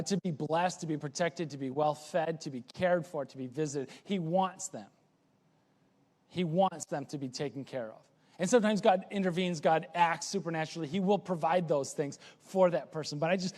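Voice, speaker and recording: Male pastor, casual sermon, higher voice, echoing sanctuary with long reverb. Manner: chatty, restarts words, lively asides. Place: church sanctuary. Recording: church hall with long reverb.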